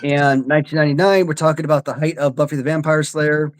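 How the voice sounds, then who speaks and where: Chill guy in his 40s talkin movies, kinda high voice, laughs a lot. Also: steady tone, fast talker. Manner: laid-back, easily laughing film fan. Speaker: podcast host. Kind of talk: casual chat.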